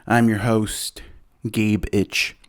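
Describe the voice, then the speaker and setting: A man's voice: lowish voice, level tone, very slow. A man hosting a podcast, chatting casually about a movie in a rambling way with lots of fillers. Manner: rambling, many fillers and chuckles. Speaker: podcast host. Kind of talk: casual movie-review chat.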